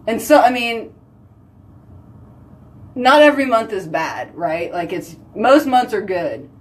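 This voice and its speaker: A woman's voice: a little high, slow pace. Chatty woman hosting a livestream. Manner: chatty, animated, talks with her viewers. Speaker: livestream host. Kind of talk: casual chat to live viewers.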